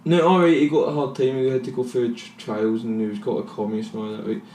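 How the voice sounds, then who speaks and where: A man's voice: mid-range voice, flat delivery, quick pace, darkish tone. Rambling sweary Scottish man, roomy and distant. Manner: rambling, sweary, goes off on tangents. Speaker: podcast co-host. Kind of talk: casual banter. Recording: roomy echo, far from mic, faint noise.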